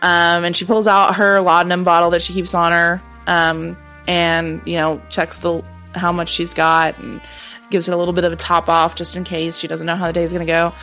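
A woman's voice: lowish voice, monotone, normal speed, a bit bright, faint music behind. A woman playing a tabletop game, describing her character's actions in a rambling way with many fillers. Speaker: player.

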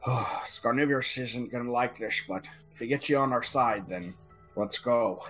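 A man's voice: mid-range voice, moderate pace, fairly bright tone, faint music behind, close to an everyday voice. A man voicing an irritable male centaur mercenary who talks in a blunt, exasperated way. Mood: grudging.

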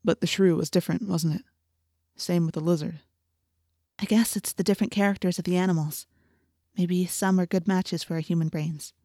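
A woman narrates a first-person audiobook in a steady, intimate manner. Her voice sits on the low side. The recording is close and dry, with no room sound. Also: normal speed, no echo.

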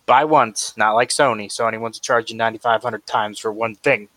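A man's voice: fairly low pitch, steady tone, a little fast, sharp tone, no room sound. A man co-hosting a casual podcast chat, talking in an eager, jokey way. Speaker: podcast co-host.

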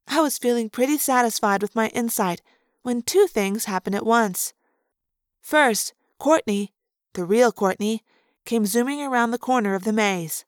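A woman's voice: on the high side, moderate pace, no echo, clean studio sound. A woman narrating a story aloud in first person, expressively acting out the action.

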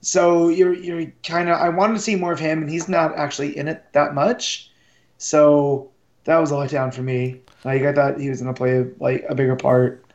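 A man's voice: fairly high pitch, level tone, moderate pace, darkish tone, dull audio. A man co-hosting a casual film review chat, talking in a laid-back way. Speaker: podcast co-host.

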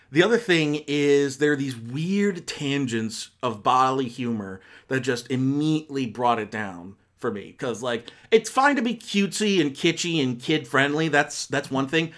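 A man's voice: mid-range voice, expressive, measured pace, fairly bright tone. A man giving a casual spoken film review on a podcast, rambling and self-correcting with many fillers and exasperated asides.

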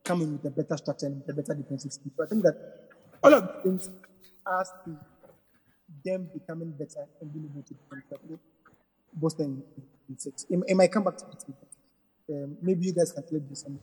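A man's voice: fairly high pitch, steady tone, a little fast, mellow, breathy edge. A man giving his pick in a casual sports podcast chat, with loose, teasing talk and stumbling restarts. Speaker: podcast panelist. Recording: long reverb.

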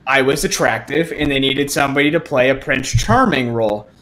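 A man's voice: mid-range voice, a little fast, fairly bright tone, rough recording. A man chatting casually about his start as a fair actor, rambling and laughing, acting out quoted lines. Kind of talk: casual podcast chat.

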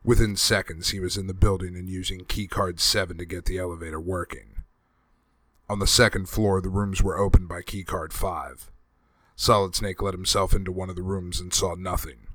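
Man narrating, very low voice, steady measured reading, dry close sound. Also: no room sound. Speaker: audiobook reader. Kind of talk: scripted narration.

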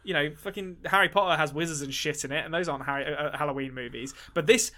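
A man's voice: a little high, quick pace, pushed and bright. A man co-hosting a movie podcast in casual chat, rambling and swearing freely with many restarts. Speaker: podcast co-host.

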